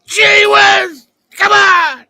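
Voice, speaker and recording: A man doing an impression of a loud, excitable male sports-radio host, shouting his outrage in a strained, very high voice. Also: very slow, vocal fry, full character voice. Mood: outraged. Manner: ranting, exclamatory.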